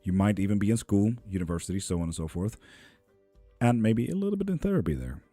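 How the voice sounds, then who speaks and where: A man in his thirties chats casually with viewers on a live tarot stream, joking and answering their questions. His voice is low and dark with a husky grain. It is recorded close and dry, with faint music playing behind. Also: big pitch swings, fast, no room sound. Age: 30s. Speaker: livestream tarot reader. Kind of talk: casual live-stream chat, reading comments aloud.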